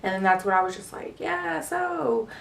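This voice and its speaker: A woman in her 20s tells a casual storytime vlog, rambling with lots of fillers and swearing. She talks fast in a monotone, medium-pitched voice, far from the mic, with a roomy echo.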